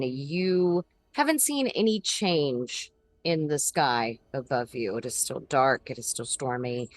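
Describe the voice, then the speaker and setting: A woman narrating as game master of a tabletop game, relaxed and unhurried, with the odd um. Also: rumbling low, dry recording.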